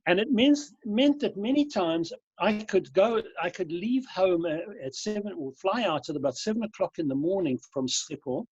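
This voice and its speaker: A man in his sixties with a mild South African accent speaks slowly and clearly, with a slightly raised, husky voice. He tells good-humoured stories over a dry, dull video-call line. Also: high-pitched, expressive, darkish tone, no echo. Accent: South African, softened by years in Europe. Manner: enunciates carefully, tells anecdotes with good humour. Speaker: guest. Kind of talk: conversational storytelling.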